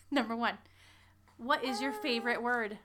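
A woman's voice: a little high, fairly even intonation, unhurried, fairly bright tone. A woman co-hosting a podcast, asking questions in a teasing, giggly casual chat. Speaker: podcast co-host.

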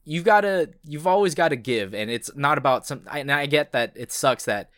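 A man's voice: on the high side, lively intonation, moderate pace, a bit bright, no room sound, clean studio sound. A man co-hosting a podcast, chatting casually and earnestly, with many fillers. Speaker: podcast co-host. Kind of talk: casual chat.

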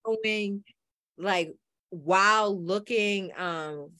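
A woman's voice: medium pitch, extremely slow, pushed and bright, dry recording, clean studio sound. A woman co-hosting a casual podcast chat, loose and slangy, laughing often. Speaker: podcast co-host.

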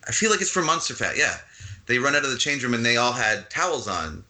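A man's voice: medium pitch, very animated, quick pace, pushed and bright, rough recording. A middle-aged man, an actor being interviewed, talking in a laid-back, chatty way and laughing as he tells stories. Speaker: actor guest. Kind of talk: casual interview chat.

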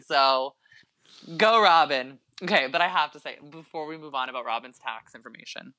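A young man hosting a podcast in casual chat, animated and gossipy, acting out what others say. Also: fairly high pitch, no echo. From California. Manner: animated, gossipy, acts out quotes. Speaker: podcast host.

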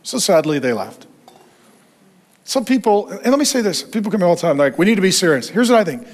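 A pastor with a high voice preaches a sermon at a brisk clip. He tells stories with real energy, acting out the voices of the people he quotes.

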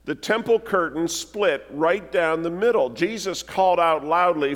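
Male pastor, somewhat high voice, measured sermon delivery, long church reverb. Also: fairly bright tone. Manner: measured, deliberate reading with slowed emphasis. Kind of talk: sermon with scripture reading. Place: large church sanctuary.

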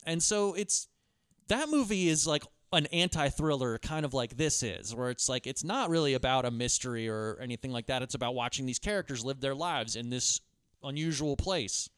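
A man co-hosting a movie podcast, giving opinionated takes and deadpan jokes in casual chat. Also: medium pitch, moderate pace, clear, resonant tone, no room sound, studio quality. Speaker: podcast co-host.

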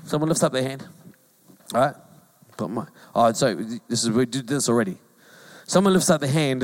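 High-voiced New man preaching. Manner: conversational and joking, with emphatic repetition. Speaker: pastor. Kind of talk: sermon.

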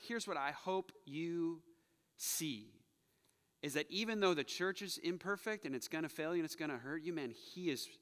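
In a church sanctuary with long hall reverb, a pastor preaches an earnest, confessional sermon, repeating phrases for emphasis before leading the congregation in prayer. His voice is a little high with a fairly bright tone.

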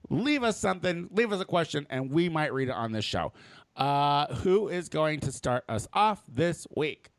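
A man's voice: on the high side, lively intonation, moderate pace, no echo. A man from the United States hosting a casual podcast chat, loose and talkative with lots of fillers and restarts. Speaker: podcast host.

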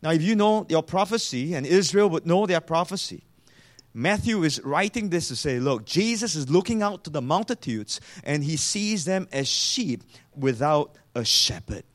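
Higher-pitched male preacher asking questions. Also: expressive, normal speed. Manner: asks the congregation rhetorical questions; reads and quotes scripture in a raised voice. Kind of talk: sermon.

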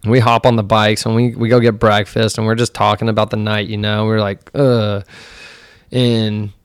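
A man's voice: lowish voice, completely flat delivery, fairly quick, smooth, no room sound, clean studio sound. A young man hosting a podcast, telling a rambling, profane story in casual chat. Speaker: podcast host.

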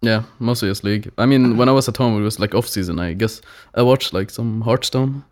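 Playful gamer guy, slightly low voice, joking around. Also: brisk, darkish tone. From Sweden. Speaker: guest, pro gamer. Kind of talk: casual interview chat.

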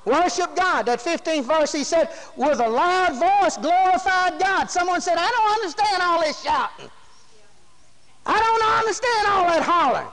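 A man preaching a fiery revival sermon, often breaking into shouts of praise. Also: very high voice. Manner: shouting, Southern preacher cadence. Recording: long hall reverb.

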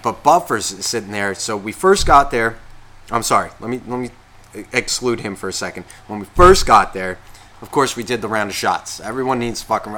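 A man's voice: fairly low pitch, moderate pace. A man casually telling a long story on a podcast, swearing constantly and acting out what everyone said. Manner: profane, animated, acts out quotes. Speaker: podcast co-host.

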